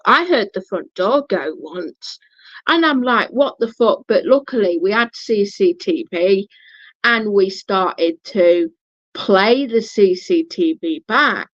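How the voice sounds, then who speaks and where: A woman speaks slowly and bluntly in a casual storytelling vlog, swearing and restarting her sentences. The recording is dry and dull, with a muffled lo-fi tone. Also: mid-range voice, animated, fairly bright tone, no room sound. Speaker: vlogger.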